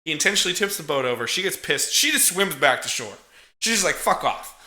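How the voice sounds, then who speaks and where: Bright-voiced man, chuckling film recap. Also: fairly high pitch, sing-song, quick pace, reverberant. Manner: profane, chuckling storyteller. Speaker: podcast co-host recapping a film.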